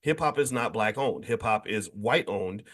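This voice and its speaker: Man, host, casual monologue, emphatic, animated, keeps restarting sentences. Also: on the low side, normal speed. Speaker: host of a daily morning show.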